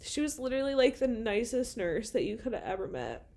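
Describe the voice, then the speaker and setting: A woman's voice: a little high, sing-song, brisk, vocal fry, warm tone. A young woman telling a personal story in a casual, candid monologue. She is emotional and swears often.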